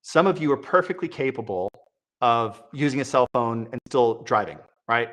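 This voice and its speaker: A man's voice: medium pitch, expressive, moderate pace, a bit bright. A man giving sarcastic, exasperated political commentary, mocking what he reads aloud. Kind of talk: opinion commentary.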